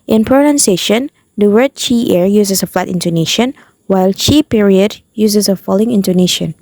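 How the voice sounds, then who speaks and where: A woman's voice: medium pitch, moderate pace, no room sound. Young woman reading a phonetics lesson. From Indonesia. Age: young adult. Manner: reads a prepared explanation in a careful, even way. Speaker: university student. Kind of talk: scripted narration.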